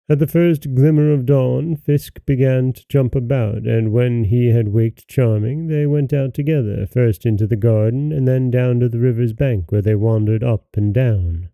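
Gravelly, dark-voiced male storyteller. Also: medium pitch, no echo. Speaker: podcast host and storyteller. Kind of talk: fairy-tale reading.

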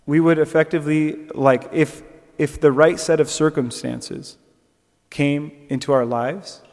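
Speaking a little slowly, this young male preacher's voice sits on the high side as he gives a sermon reflection. His delivery is conversational, full of fillers and restarts, and turns animated during stories. The audio has a big-room quality.

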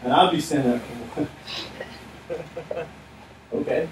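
A man's voice: on the high side, fairly quick, recorded from a distance. Man preaching in an echoey church. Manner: animated, acts out biblical figures' words. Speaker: pastor. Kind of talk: sermon. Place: church sanctuary. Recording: echoey room, heard from afar, faint hiss.

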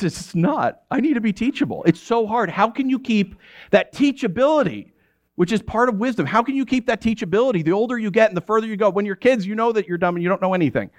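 A man preaching a sermon as a pastor, animated and laughing often, acting out the voices of the people he quotes. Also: fairly high pitch, no room sound.

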